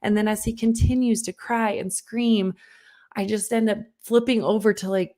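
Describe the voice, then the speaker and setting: A woman's voice: mid-range voice, moderate pace. Earnest woman coaching parents. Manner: earnest, direct address to the listener; lively storyteller who acts out her own past lines. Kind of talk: online workshop talk with personal story.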